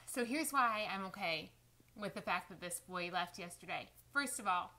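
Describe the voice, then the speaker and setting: A woman's voice: medium pitch, lively intonation, moderate pace. A woman, chatting on a live stream and fighting back tears. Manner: warm, chatty, emotional, addresses viewers as y'all. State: close to tears. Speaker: lifestyle vlogger. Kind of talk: casual live-stream chat.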